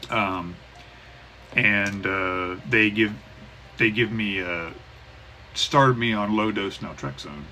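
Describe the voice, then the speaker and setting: A man in his thirties talking haltingly in a personal recovery vlog, with many restarts and fillers. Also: fairly low pitch, pushed and bright. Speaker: vlogger. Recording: poor cheap-mic sound with faint hiss.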